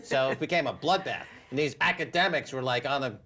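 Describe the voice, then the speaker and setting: A man hosting a show, giving sardonic financial commentary in an animated, mocking way and laughing often. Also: medium pitch, brisk. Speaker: show host.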